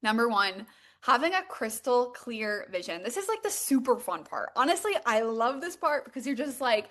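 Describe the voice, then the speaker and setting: A young woman coaching on a live stream, bubbly and excitable, peppering her talk with "like.". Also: a little high, normal speed. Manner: bubbly and excitable, heavy use of "like". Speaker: manifestation and mindset coach.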